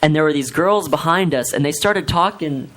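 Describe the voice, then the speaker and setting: A man's voice: a little high, normal speed, fairly bright tone. A young man in his twenties telling a rambling, self-deprecating story on a talk radio show. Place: radio studio with other hosts.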